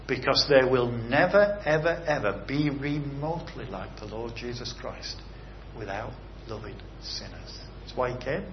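A man's voice: medium pitch, measured pace, few pauses. An earnest male preacher delivers a sermon, swelling and dropping his voice for emphasis and asking his listeners questions. The recording sounds a little dull, with a faint hiss underneath. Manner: earnest, rising and falling emphasis with rhetorical questions. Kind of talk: sermon ending in prayer.

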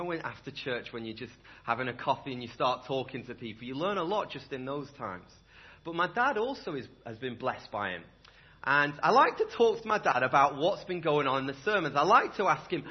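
A young man preaching a sermon in a church, conversational and animated, often asking the room rhetorical questions. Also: fairly high pitch, husky, highs cut off. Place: church hall.

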